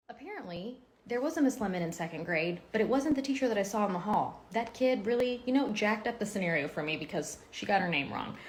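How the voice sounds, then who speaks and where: A lifestyle blogger and home renovation host rambles through stories and product picks in a casual phone vlog, chatty and full of "like" and "um." Her medium-pitched voice is animated and a little fast, with a slight hiss or hum in the background.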